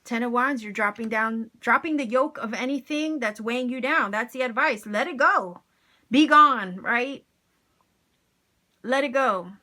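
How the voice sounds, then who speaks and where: A woman's voice: a little high, moderate pace, bright, forceful tone. A woman giving a casual tarot reading to her viewers, enthusiastic and encouraging, with plenty of slang. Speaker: tarot reader.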